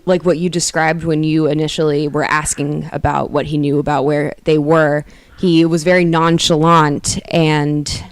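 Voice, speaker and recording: A woman's voice: low voice, a little mellow, no room sound. A woman co-hosting an interview podcast, speaking earnestly and reacting openly with disgust at what she hears. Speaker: podcast co-host.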